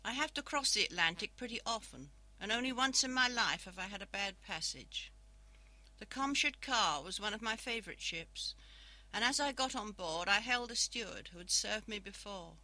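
A reader narrating a first-person ghost story in a measured, even storytelling manner. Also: mid-range voice, rough recording.

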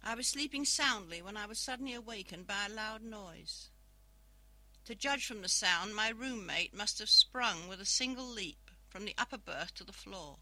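Very bright, crisp storytelling voice. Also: medium pitch, lively intonation, normal speed, no room sound, low-quality recording. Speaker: narrator. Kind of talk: scripted storybook narration.

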